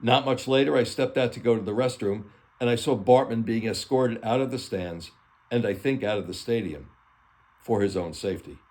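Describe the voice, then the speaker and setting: A man's voice: medium pitch, normal speed, a little mellow. A man hosting his channel as an author, reading stories aloud in a plain, earnest way.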